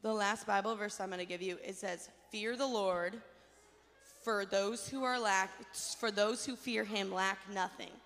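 A woman's voice: medium pitch, steady tone, measured pace, fairly bright tone. A woman leading a children's chapel talk, calling on kids by name and coaxing them to repeat lines back to her. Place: school chapel or church hall. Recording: hall reverb.

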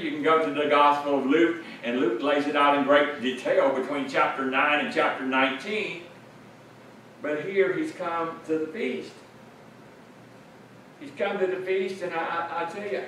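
A man's voice: a little high, a bit bright. A man preaching a sermon, explaining a passage earnestly and repeating phrases for emphasis. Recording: very echoey room, mic at a distance, faint noise.

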